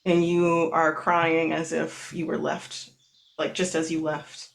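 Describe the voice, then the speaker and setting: A storyteller narrating a tabletop role-playing game in a soft, halting way with many fillers. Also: medium pitch, completely flat delivery, creaky.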